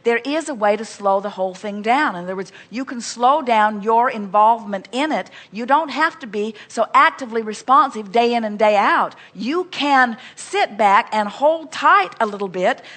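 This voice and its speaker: A woman's voice: fairly high pitch, animated, normal speed, few pauses, a bit bright. A woman at a live seminar who speaks for a collective "we" and answers audience questions with emphatic, rhetorical flourishes.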